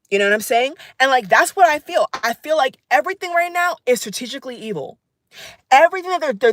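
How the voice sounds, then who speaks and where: A woman's voice: a little high, no echo, clean studio sound. Angry woman ranting to her viewers. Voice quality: emphatic, repeats phrases, addresses viewers as guys. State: angry and upset. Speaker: vlogger. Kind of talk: angry political rant to camera.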